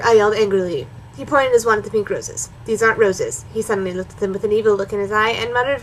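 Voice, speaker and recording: This reaction video host, a woman with a mid-range voice, talks fast with few pauses over slight background noise on a rough recording. She dramatically reads a bad story for laughs, breaking away for sarcastic, mocking commentary.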